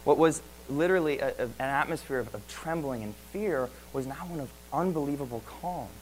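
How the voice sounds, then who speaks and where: A man's voice: mid-range voice, brisk, slight background noise, poor audio. A man preaching a sermon in an earnest way, asking many rhetorical questions and often repeating words.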